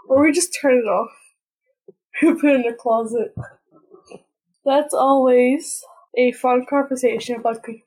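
Woman host for a casual story podcast: slow, earnest, plain sentences, high breathy voice. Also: a little mellow, rough recording.

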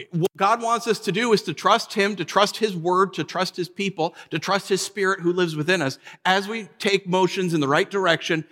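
A man in his thirties preaching a casual storytelling sermon as pastor, animated and acting out voices from his stories. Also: a little high. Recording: long hall reverb.

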